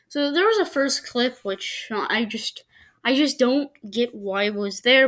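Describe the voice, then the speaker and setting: A woman's voice: on the high side, a bit bright. A woman giving casual reaction commentary to videos, arguing her points with frequent stops and restarts. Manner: halting, argumentative, many restarts.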